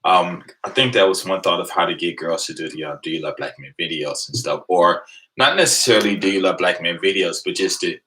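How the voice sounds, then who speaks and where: A man, casually telling a rambling, animated story to his live viewers and laughing along the way. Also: deep voice, fairly quick, poor audio. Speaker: vlogger on a live stream.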